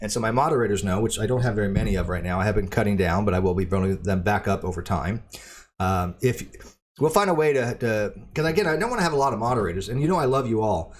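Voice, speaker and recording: A man with a fairly low voice hosts a casual livestream and chats to his viewers. He rambles, stops and restarts his sentences, and fills the gaps with ums and uhs. He sounds like the moderator of a debate show talking off the cuff. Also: expressive. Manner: rambling, halting, with frequent ums and repeated words. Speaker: channel host.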